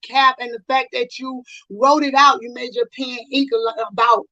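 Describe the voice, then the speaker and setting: Woman host, high-pitched, casual and slangy, dry and dull lo-fi sound. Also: flat delivery, moderate pace, pushed and bright, no echo. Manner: slangy and enthusiastic. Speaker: show host. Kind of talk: casual interview chat.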